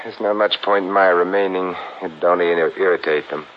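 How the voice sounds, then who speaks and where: An actor playing a suave, dry-witted detective in a 1940s radio drama, trading wisecracks on a dull old recording with faint hiss. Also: male voice, low-pitched, fairly even intonation, moderate pace, lightly acted. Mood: wry calm. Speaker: lead detective.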